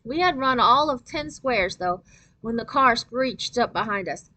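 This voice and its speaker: A woman reading a children's novel aloud in an expressive storytelling voice. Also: fairly high pitch, measured pace, poor audio.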